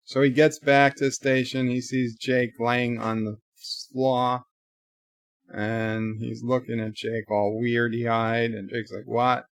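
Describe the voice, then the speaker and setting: A man reviews an episode live in a relaxed, unhurried way, retelling scenes and slipping in quoted dialogue with offhand comments. His speech is slow and recorded close and dry, with an everyday middle pitch. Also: dry recording. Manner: casual plot retelling with quoted lines and asides. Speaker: show reviewer.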